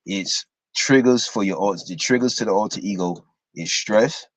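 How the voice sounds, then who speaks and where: Low-voiced man lecturing, spelling out words. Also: dry recording, poor audio. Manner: halting, spells out terms letter by letter, many fillers. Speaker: host teaching a class. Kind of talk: informal lecture.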